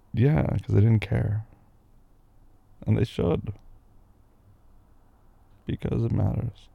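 A young man playing a caring boyfriend who puts his sleepy partner to bed, gentle and reassuring with soft teasing, in a boyfriend role-play audio. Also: mid-range voice, creaky, slightly rough, no room sound, full character voice.

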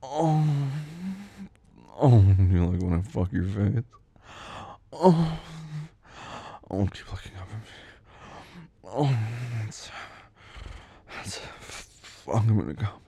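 A man voices an intimate audio role-play in a low, teasing murmur that often turns breathy and slides into whispers. His voice is dark and gravelly, with a husky edge. The recording is close and dry, with no room sound. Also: very animated, slow, long pauses, dry recording. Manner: drifts into soft whispers.

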